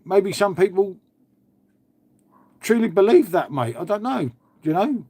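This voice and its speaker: A man's voice: a little high, no room sound. A man chatting casually on a live stream, swearing freely and calling everyone "mate". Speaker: livestream host. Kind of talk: casual live chat with viewers.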